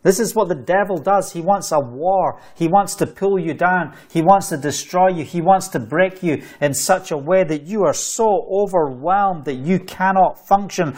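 A man's voice: high-pitched, moderate pace, hardly any pauses, a little mellow. A man preaching an online sermon, fervent and repetitive, reading scripture aloud between his own exhortations. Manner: fervent, repeats phrases, reads scripture aloud.

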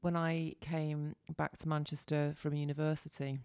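Low, gravelly Mancunian woman host. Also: flat delivery, normal speed, darkish tone. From Salford, England. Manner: encouraging, chatty. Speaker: podcast host. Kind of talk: casual interview chat.

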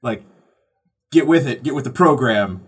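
A man's voice: mid-range voice, lively intonation, moderate pace, slightly rough. A man doing a slangy, pushy Gilgamesh. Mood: insistent. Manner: slangy and insistent. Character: modern-talking Gilgamesh, young man, pushy.

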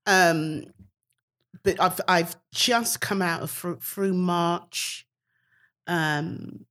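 A woman comedian chatting as a podcast guest, telling stories in a lively way and acting out what other people said. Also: very slow. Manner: animated storyteller, acts out quotes with big pitch jumps. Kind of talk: casual podcast chat.

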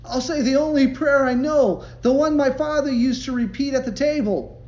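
A man acting out a terrified man named John, who shouts in panic while running from a bull, recorded slightly dull in a roomy space. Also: normal speed. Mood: panicked. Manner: panicked, shouting high and loud.

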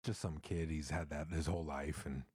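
A man's voice: extremely low pitch, steady tone, normal speed, a little mellow, husky, dry recording, studio quality. A man co-hosting a podcast, chatting casually and cracking jokes. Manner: joking, acts out silly voices. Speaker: podcast co-host. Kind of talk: casual chat.

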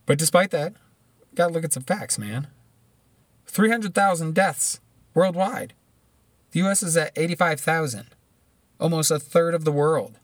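A man's voice: a little high, expressive, normal speed, long pauses, no echo. A man giving blunt, profane, rambling commentary, often restarting his sentences.

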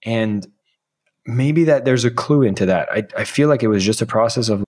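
A man in his thirties, a guest on a podcast, telling stories in a casual, animated way and acting out the lines people said to him. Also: medium pitch, moderate pace. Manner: animated, acts out quoted dialogue. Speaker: podcast guest, sales author. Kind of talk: casual interview storytelling.

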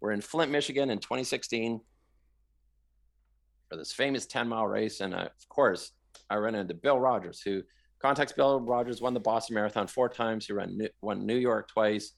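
A middle-aged Canadian man tells his running stories in an interview, with a gravelly, rough-edged voice. He gets animated and shouts out the lines he quotes. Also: on the low side, normal speed. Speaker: guest, marathon runner. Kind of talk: storytelling in a podcast interview.

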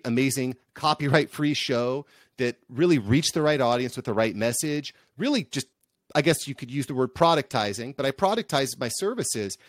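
A man from the United States, a podcast agency founder, telling stories in an upbeat, animated way as an interview guest. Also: medium pitch, dry recording, clean studio sound. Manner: upbeat, energetic, animated storyteller. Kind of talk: casual interview storytelling.

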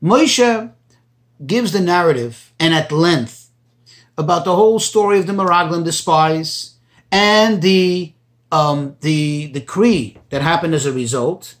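A man teaching a Torah class, reading Hebrew phrases and translating each one into as he goes. His pitch jumps up when he stresses a point. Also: slow. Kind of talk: Torah class explaining commentaries.

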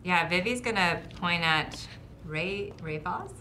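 A woman playing a tabletop game, calmly thinking aloud through her character's actions. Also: lowish voice, slow pace, faint music behind. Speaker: player. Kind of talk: casual tabletop game play.

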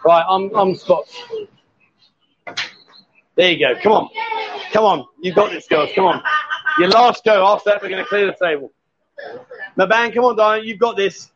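A man hosts a casual live stream from a bar, cheerfully coaching women at a pool table and coaxing them along with frequent "sweetheart" and "darling." His voice is high-pitched, animated and fairly bright, at normal speed with frequent pauses. The sound is lo-fi.

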